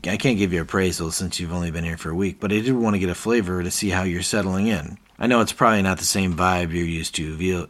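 A man co-hosting a podcast, retelling scenes in casual chat and acting out the characters' lines between laughs. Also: sits low. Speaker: podcast co-host.

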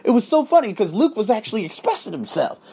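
Husky, animated man preaching profanely. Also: high-pitched, fast. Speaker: podcast host. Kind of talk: motivational monologue. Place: abroad, living in Thailand.

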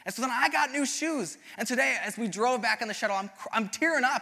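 A young man as youth pastor, giving a sermon, telling stories in an animated, self-deprecating way. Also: extremely high pitch, fast talker, hardly any pauses, in a large hall.

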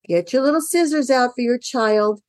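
A woman's voice: a little high, animated, moderate pace, dry recording. A woman in her fifties, a parent, walks through a children's reading workbook in an enthusiastic, encouraging lesson. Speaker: parent teaching early reading.

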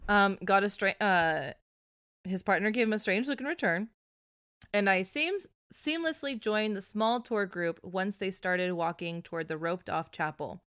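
A woman's voice: mid-range voice, moderate pace, fairly bright tone, clean tone, no echo. Dry-sounding woman reading, giggling often. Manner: laughs often, breaks up mid-sentence while reading. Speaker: podcast co-host reading a listener story. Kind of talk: casual chat and story reading.

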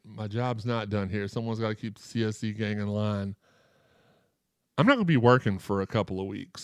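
A man's voice: lowish voice, no echo, studio quality. A man hosting a live podcast, joking and rambling as he reads chat comments aloud, his throat sore after surgery. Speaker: podcast host.

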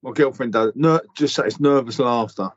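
A man co-hosting a casual podcast, talking in a dry, blunt, deadpan way. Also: mid-range voice, brisk, dry recording, lo-fi sound. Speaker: podcast co-host. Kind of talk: casual chat.

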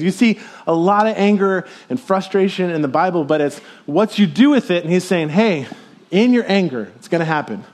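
A middle-aged man, a pastor, preaching a sermon in a casual, jokey, conversational way and swinging between loud, high emphasis and quiet asides.

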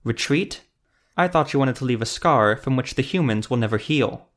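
A man's voice: medium pitch, animated, normal speed, fairly bright tone, close to an everyday voice. A man voicing a blunt, dismissive scarred female elf commando leader in an audiobook. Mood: scornful.

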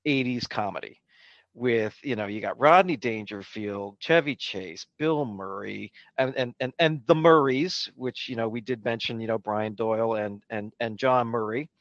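A man's voice: mid-range voice, normal speed, no room sound. A man co-hosting a podcast, chatting casually about a film, rambling and acting out scenes as he retells them. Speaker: podcast co-host. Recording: dull, dry lo-fi sound.

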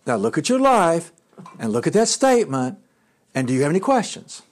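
A middle-aged man giving a conversational sermon as a pastor, talking in a halting way with restarts and asides. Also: a little high, sing-song.

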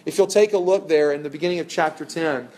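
A man's voice: fairly high pitch, fast, darkish tone. A young adult man preaching a sermon in an earnest way, rising to emphatic peaks on key phrases.

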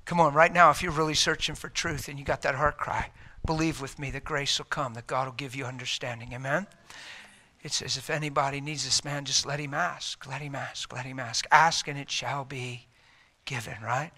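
A man's voice: medium pitch, moderate pace, bright, forceful tone. A man preaching a sermon, telling a story in a folksy, emphatic way and talking straight. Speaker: traveling preacher.

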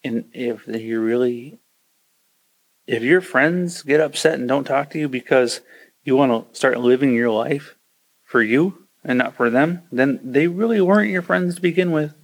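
A man's voice: medium pitch, unhurried. A man hosting a podcast, ranting casually and acting out quoted voices as he gives advice. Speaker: podcast host.

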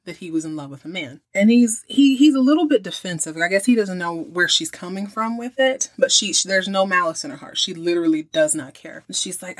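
Woman, podcast host, casual recap, lowish voice, dry close sound. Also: lively intonation, moderate pace, dry recording. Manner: chatty, opinionated storytelling.

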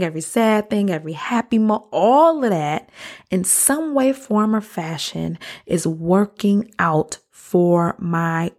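A woman's voice: mid-range voice, a little mellow. A young adult woman hosting a podcast, giving a motivational faith talk in a conversational, encouraging way with playful asides. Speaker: podcast host.

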